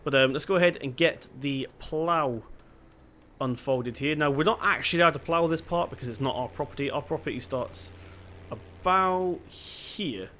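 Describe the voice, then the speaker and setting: A man's voice: mid-range voice, a little fast, fairly bright tone, a little hiss or hum. Chatty young man with a Devon accent. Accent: Devon English. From England (Devon). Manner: chatty, thinking aloud while playing. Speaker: gaming channel host. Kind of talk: casual gameplay commentary.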